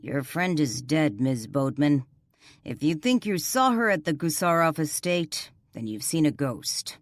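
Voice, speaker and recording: A woman's voice: low-pitched, very animated, unhurried, dry recording, clean studio sound. A woman doing a cold, threatening cop. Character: hard-nosed male police officer, threatening.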